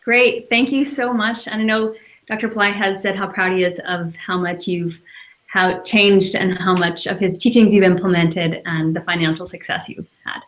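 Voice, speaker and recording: A woman's voice: medium pitch, flat delivery, moderate pace. A woman hosting an interview, introducing guests and encouraging them with brief replies. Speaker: interview host. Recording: echoey room.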